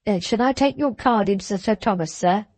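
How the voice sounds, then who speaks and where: A polite, formal house servant, read by a woman narrator who speaks in a plain, measured way. The sound is close and dry. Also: mid-range voice, darkish tone, no echo, close to an everyday voice.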